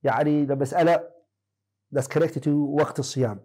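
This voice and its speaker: A man's voice: a little high, steady tone, very fast, dark tone, breathy edge, rough recording. A man teaching a classroom lesson on Islamic law, quizzing his students by name and correcting them firmly.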